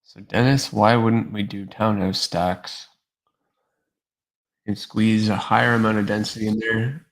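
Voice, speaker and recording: A man's voice: on the low side, flat delivery, measured pace, pauses often, rough recording. A man hosting a design livestream, thinking aloud with many fillers, tired and slightly losing his voice. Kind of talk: casual livestream commentary.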